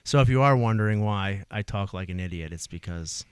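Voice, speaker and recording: A man in his forties from New Jersey with a Jersey accent, telling his life story in an animated, casual way. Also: lowish voice, fairly quick, smooth, dry recording, clean studio sound. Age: 40s. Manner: animated storytelling, acts out voices, swears casually. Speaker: guest, EMS worker. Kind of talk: casual conversation.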